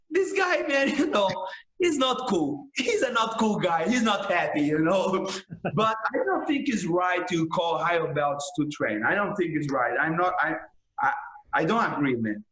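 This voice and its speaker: A Brazilian man with a high, lively-sounding voice speaks English as a second language, his phrases breaking and restarting. The room around him is roomy, with a clear echo. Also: measured pace. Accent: Brazilian Portuguese. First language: Portuguese. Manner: broken English, frequent restarts, emphatic "man". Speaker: jiu-jitsu instructor, podcast guest. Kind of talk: casual storytelling chat.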